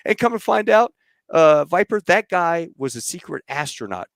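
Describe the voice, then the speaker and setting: A middle-aged man hosting a podcast, telling rambling, animated stories about flying and acting out what others said. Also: a little high, moderate pace, creaky, dry recording, studio quality. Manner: rambling, animated storyteller who acts out quotes. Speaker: podcast host. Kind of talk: casual storytelling chat.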